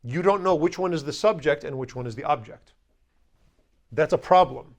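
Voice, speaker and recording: Man teaching a language class. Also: on the high side. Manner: explanatory, conversational, repeats Chaldean words slowly. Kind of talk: classroom lesson.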